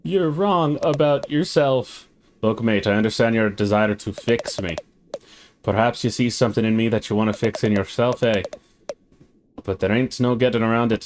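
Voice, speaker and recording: A man's voice: medium pitch, moderate pace, slight background noise, lightly acted. A man voicing a gloomy, self-pitying male crab drifter in a mock Scottish sailor accent, melodramatic. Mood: brooding.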